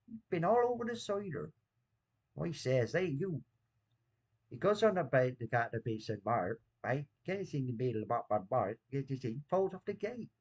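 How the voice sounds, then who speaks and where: A man's voice: medium pitch, big pitch swings, normal speed, breathy edge, muffled recording. A man voicing a grumbling old West Country farmer in a put-on Bristol accent, rambling and indignant.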